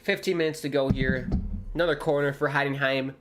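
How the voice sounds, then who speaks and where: A young American man, a streamer commentating live on a football match with viewers, bursting into loud exclamations at big moments. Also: mid-range voice, steady tone, brisk, background noise. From United States. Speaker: watchalong streamer.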